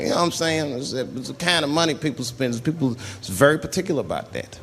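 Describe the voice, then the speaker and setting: Lively stand-up comedian man in a hall. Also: on the high side, a little fast, hardly any pauses. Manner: swings between loud outbursts and muttered asides, acts out characters. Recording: live hall reverb with audience noise.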